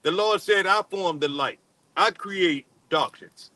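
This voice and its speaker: A man preaching a sermon in a halting, repetitive way, full of fillers, and calling on another man to read scripture aloud. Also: sits high, pushed and bright, no room sound, rough recording. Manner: halting, repeats words, many fillers, calls on a reader. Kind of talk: street-style sermon with scripture reading.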